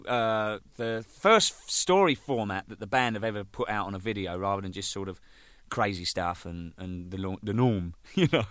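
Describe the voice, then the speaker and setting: In a clean studio recording with no room sound, a man with a fairly low voice spins a casual storytelling monologue. He's a band drummer recounting a rambling, sweary anecdote about his band, laughing and acting out shouted quotes.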